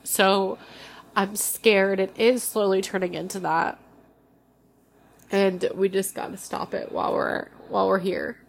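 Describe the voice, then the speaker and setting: Young woman, solo podcast host, raw and emotional, halting delivery, gravelly fry. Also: medium pitch, flat delivery, slight background noise. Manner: candid, emotional, halting with restarts.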